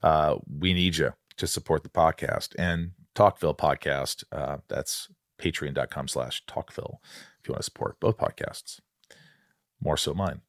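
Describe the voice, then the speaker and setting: Low-voiced gushing male podcast host. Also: steady tone, moderate pace, no echo, clean studio sound. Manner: gushing, rambling, enthusiastic. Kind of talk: casual podcast chat.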